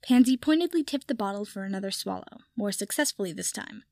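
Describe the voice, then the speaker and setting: A woman narrating a piece of fan fiction aloud in a steady storytelling manner. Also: mid-range voice, fast, gravelly, no echo, studio quality. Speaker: reader.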